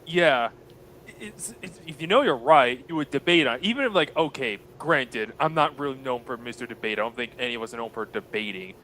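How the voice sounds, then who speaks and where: A man's voice: mid-range voice, lively intonation, fairly quick, pushed and bright, slight background noise. A man co-hosting a live stream, chatting loosely and crudely about a clip. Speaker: stream co-host. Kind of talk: casual reaction stream.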